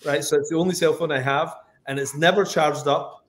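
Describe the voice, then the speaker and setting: This Scottish man, a comic book writer, chats casually on a livestream, rambling through stories laced with "like" and "you know." His voice is a little high and brisk, with fairly even intonation.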